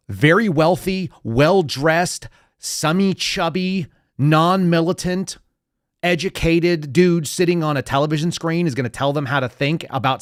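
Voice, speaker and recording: A man's voice: fairly high pitch, no echo, clean studio sound. A man hosting a podcast, giving heated, sarcastic and profane political commentary. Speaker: podcast host.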